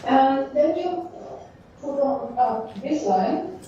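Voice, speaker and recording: A woman teacher giving a classroom lecture, thinking aloud in halting phrases while she draws on a board. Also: sits high, lively intonation, dark tone, slight background noise. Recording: echoey dull room sound from far off.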